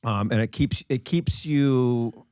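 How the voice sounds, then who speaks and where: A man co-hosting a real estate podcast, talking casually with a halting, joking manner. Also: mid-range voice, dark tone, clean tone, dry recording, studio quality. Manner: hesitant, lots of ums and restarts, joking.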